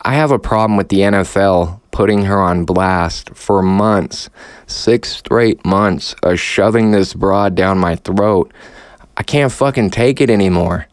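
A man's voice: low voice, measured pace, no room sound, studio quality. A man hosting a podcast, ranting sarcastically with heavy swearing and audible frustration. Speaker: podcast host. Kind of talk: profane rant.

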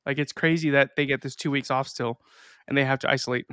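A man co-hosting a casual podcast, cracking quick jokes and laughing often. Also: mid-range voice, steady tone, a bit bright, smooth, no echo, clean studio sound. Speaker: podcast co-host.

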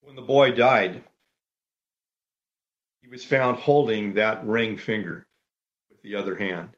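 A man preaching a sermon as pastor, measured and orderly, laying out numbered points. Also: on the low side, fairly bright tone, lo-fi sound.

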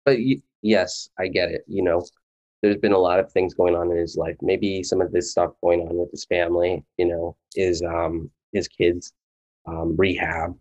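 A man's voice: low voice, level tone, moderate pace, darkish tone, highs cut off. A man co-hosting a casual podcast, talking earnestly and rambling with lots of fillers. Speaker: podcast co-host. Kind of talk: casual chat.

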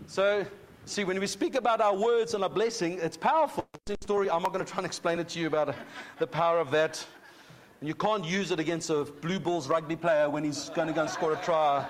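High-voiced preacher. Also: male voice, a little hiss or hum. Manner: conversational, often checking in with 'okay?'; reads scripture slowly and deliberately. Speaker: pastor. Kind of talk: Bible teaching sermon.

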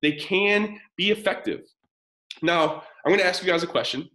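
A man's voice: sits high, lively intonation, normal speed, sharp tone, poor audio. A man in his thirties presenting a live parenting webinar, talking casually and energetically while answering chat comments.

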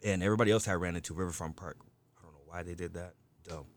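Low-voiced guy rambling thru a story, swears a lot, says you know every other line. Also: fairly even intonation, racing. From United States. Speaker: storyteller in a group chat. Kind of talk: casual chat.

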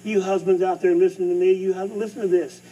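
A middle-aged man preaching a sermon as pastor, swinging between loud bursts and hushed asides. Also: high voice, flat delivery, quick pace, lo-fi sound. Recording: distant mic with faint hum.

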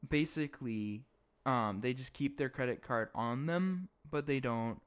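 A man co-hosting a casual recap podcast, relaxed and wry, laughing often. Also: medium pitch, unhurried, clear, resonant tone. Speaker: podcast co-host.

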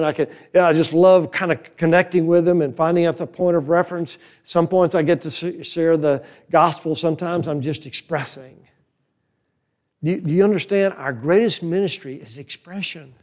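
An older man preaching a sermon in a folksy, animated way, full of rhetorical questions to the crowd. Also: fairly high pitch, moderate pace. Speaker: conference speaker.

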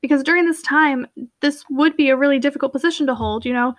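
Young woman, high voice, reads a novel aloud and chats eagerly about it. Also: fast talker, dry recording, clean studio sound. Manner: eager, chatty, many fillers in commentary. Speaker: audiobook reader and book commentator. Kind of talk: reading a novel aloud, then casual commentary.

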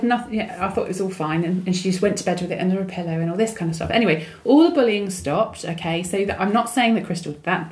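A woman's voice: lowish voice, darkish tone. A middle-aged woman, co-hosting a podcast in casual chat and telling stories with acted-out quotes. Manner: chatty storyteller, acts out quoted dialogue. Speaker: podcast co-host.

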